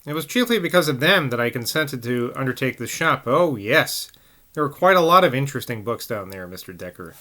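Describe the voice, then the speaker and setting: A man's voice: mid-range voice, expressive, brisk, sharp tone. A man voicing an intense, humorless scholarly man who talks emphatically, in a novel reading. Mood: hesitant. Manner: emphatic, breaks into eager outbursts.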